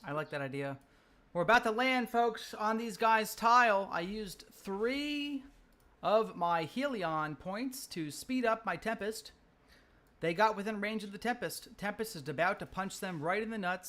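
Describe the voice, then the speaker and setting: A man co-hosting a live game stream, chatting casually and trash-talking excitedly while he plays. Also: sits high, moderate pace. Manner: excitable trash talk during gameplay. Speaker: livestream co-host.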